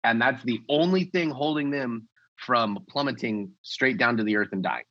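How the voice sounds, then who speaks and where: A man's voice: mid-range voice, normal speed, dry recording, muffled recording. A man appearing as a guest pilot on an aviation podcast, speaking emphatically in casual conversation. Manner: emphatic, laughs easily.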